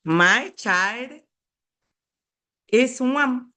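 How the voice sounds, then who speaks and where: Woman teaching beginners real slow, keeps repeating words, says okay a lot. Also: on the high side, animated, sharp tone. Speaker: language teacher. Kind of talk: beginner language lesson.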